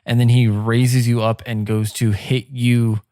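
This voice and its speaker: A man running a tabletop game, narrating the fight slowly and haltingly, filling gaps with "uh" and "like". His voice sits at a middle pitch and sounds dry and close, with no room around it. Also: little pitch movement, mellow, smooth, no room sound. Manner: slow, halting narration with many fillers. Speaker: game master.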